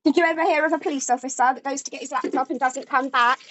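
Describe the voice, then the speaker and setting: A woman's voice: high-pitched, steady tone, fast, a bit bright, lo-fi sound. A woman arguing angrily at home, accusatory and sarcastic. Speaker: vlogger. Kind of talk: heated domestic argument.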